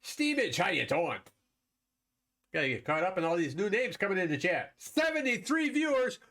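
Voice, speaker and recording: A man's voice: a little high, very animated, moderate pace, pushed and bright. A man from Wisconsin hosting a live stream, chatting casually with viewers while commenting on a board game and laughing often.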